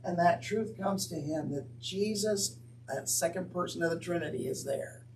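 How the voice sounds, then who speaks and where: A man's voice: sits high, normal speed, far from the mic, slight background noise, low-quality recording. A man teaching on scripture in an earnest, conversational way with wry asides. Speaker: Bible teacher. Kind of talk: Bible teaching talk.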